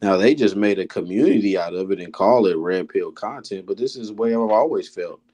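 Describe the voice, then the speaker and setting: A man with a fairly low voice on a casual discussion panel. He states his views bluntly, swears freely, and pushes in over the other speakers. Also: animated, fairly quick, warm tone.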